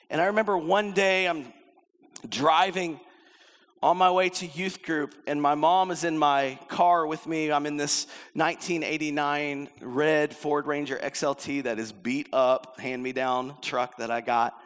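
A man's voice: a little high, steady tone, a little slow, fairly bright tone. Middle-aged male pastor, casual storytelling sermon, acts out quotes, long hall reverb. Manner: conversational preaching, acts out quotes.

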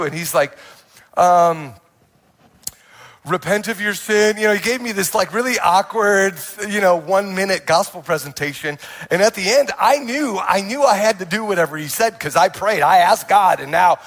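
Young male pastor, animated testimony, slightly high voice, restless restarts. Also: moderate pace. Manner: animated storytelling with many restarts and quoted asides. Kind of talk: sermon testimony.

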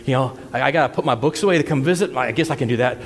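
A man's voice: mid-range voice, very fast, in a large hall, voice pushed down, close to an everyday voice. A man voicing a hesitant, flustered young male minister in a story within his sermon.

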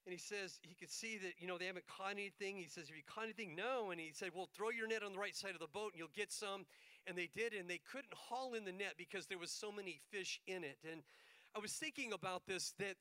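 A man's voice: sits high, fast, sharp tone, smooth, no echo, poor audio. A middle-aged male pastor telling a story in a sermon, acting out the dialogue as he goes.

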